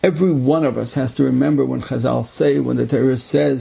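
A man with a husky, gravelly voice tells an inspirational story with earnest conviction. His tone is mellow and dark, and he often repeats phrases for weight. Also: medium pitch, fairly even intonation, a little fast, hardly any pauses. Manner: earnest, repetitive emphasis. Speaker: religious storyteller.

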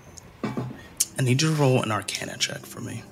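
A man's voice: mid-range voice, animated, a little slow, creaky, over music. A man narrating a tabletop game as game master, hesitant and full of ums and uhs.

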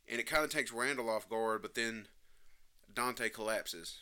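A man's voice: medium pitch, fairly even intonation, brisk, bright, forceful tone, clean tone. A man giving a casual, passionate film review, emotional and emphatic, rambling through scenes and swearing now and then.

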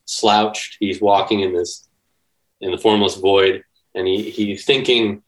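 A man chats as a guest on a podcast, laid-back and modest. His voice sits fairly low and he talks in an easy, casual way. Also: flat delivery, slow pace, low-quality recording. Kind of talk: casual comedic chat. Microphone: remote call.

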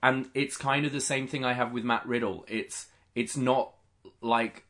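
Bright-voiced man hosting a podcast. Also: mid-range voice, fairly even intonation, unhurried. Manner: easygoing, leads the segments. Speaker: podcast host. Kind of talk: casual chat.

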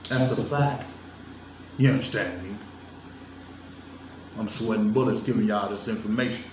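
A man with a fairly low, evenly pitched voice speaks at a moderate pace, sounding slightly mellow over a bit of hiss or hum. He's a vlogger lecturing on religion, addressing viewers directly in a casual, emphatic, teasing monologue and laughing often. A distant mic gives the audio a roomy feel with faint ambience.

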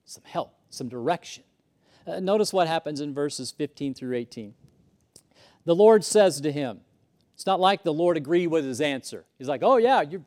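A man's voice: fairly high pitch, darkish tone. A man preaching a sermon, emphatic, rising and falling as he acts out the lines he quotes. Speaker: pastor.

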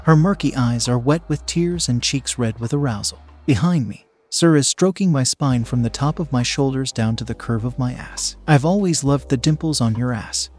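A man calmly narrating a first-person story in an even reading voice, at times hushed. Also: medium pitch, normal speed, hardly any pauses, faint music behind.

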